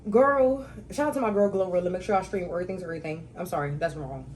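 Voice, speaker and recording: A young woman hosting her own talk show, telling stories casually with slang and sudden loud outbursts. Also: fairly low pitch, quick pace, a little hiss or hum, rough recording.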